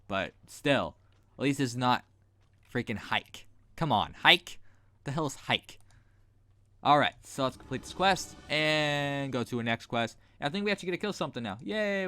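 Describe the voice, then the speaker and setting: A man's voice: mid-range voice, fairly bright tone. A man giving blunt, rambling, sarcastic commentary while playing a game at his computer mic. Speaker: gaming video host. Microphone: desk mic while gaming.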